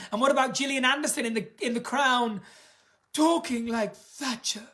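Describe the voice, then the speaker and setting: A woman's voice: high-pitched, moderate pace, a bit bright. A woman hosting a casual live stream, chatting in a camp, gossipy and theatrical way. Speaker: singer and live-stream host.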